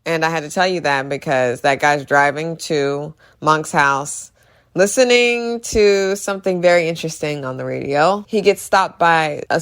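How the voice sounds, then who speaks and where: A woman's voice: sits low, clear, resonant tone. A woman casually recapping a TV episode, opinionated and emphatic, repeating words to drive a point home. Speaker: TV recap YouTuber.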